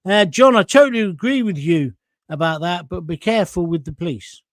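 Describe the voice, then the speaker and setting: A man hosts a live stream in a fairly high voice, recorded dry with no room echo. He reads viewer comments aloud and answers them bluntly and emphatically, swearing now and then. He sounds hot and sweaty as he talks. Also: lively intonation, brisk. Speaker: host of a live current-affairs stream.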